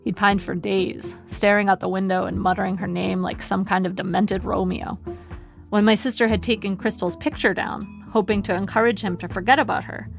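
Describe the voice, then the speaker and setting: Gravelly-voiced woman reading a memoir. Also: medium pitch, fairly quick, faint music behind. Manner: wry, steady storytelling. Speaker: narrator. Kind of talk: audiobook narration.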